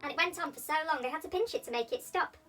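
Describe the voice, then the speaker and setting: A woman reads a children's classic aloud in a high, bright and animated voice. Faint music runs underneath, and she sits a little back from the mic. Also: racing, far from the mic. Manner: expressive and animated. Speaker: storybook reader. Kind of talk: children's story reading.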